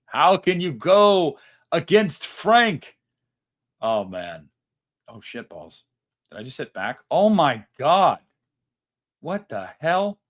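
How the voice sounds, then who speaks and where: A man's voice: mid-range voice, fairly bright tone. A young man hosting a casual live stream, reading super chats in a rambling, self-mocking way and swearing freely.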